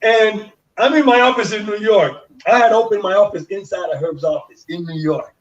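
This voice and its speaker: A man from Panama telling stories as a guest in an interview, animated and acting out what other people said. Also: high-pitched, normal speed. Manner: animated storyteller who acts out others' dialogue. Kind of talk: casual storytelling interview. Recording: distant mic, dull lo-fi sound.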